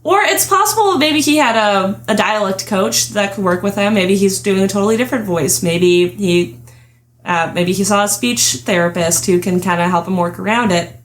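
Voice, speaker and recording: A woman's voice: mid-range voice, moderate pace. A young adult woman hosting a casual podcast chat, chatty and giggling often as she trails off and restarts her thoughts. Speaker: podcast host.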